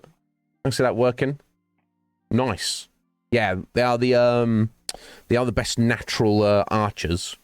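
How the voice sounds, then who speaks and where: A man's voice: fairly low pitch, no echo. A man chatting casually with viewers during a game stream, rambling from topic to topic. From United Kingdom. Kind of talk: casual chat while gaming.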